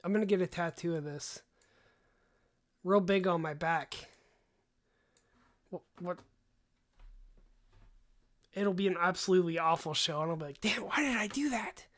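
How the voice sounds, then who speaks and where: A young man hosting a casual livestream, rambling and animated, with frequent sighs and asides, his voice tiring from long talk. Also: a little high, measured pace, long pauses. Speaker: host.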